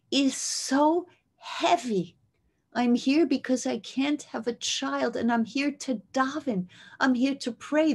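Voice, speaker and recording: A woman's voice: fairly high pitch, darkish tone. A woman voicing a grieving childless woman from scripture, speaking with earnest, heartfelt pleading.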